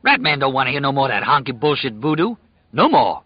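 A man's voice: mid-range voice, big pitch swings, fast, husky, dry recording, muffled recording, pitched above the performer's own voice. A man voicing a gleeful, taunting male henchman who mocks prisoners, in an audiobook reading. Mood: frightened angry. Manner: mocking, taunting, shouting. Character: gleeful menacing male henchman, later frightened.

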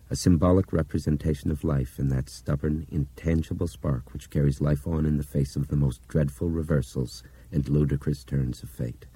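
A man reading a novel aloud in steady, measured narration that drops to a hush at times. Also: a bass voice, husky, dry recording. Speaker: audiobook narrator. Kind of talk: scripted narration.

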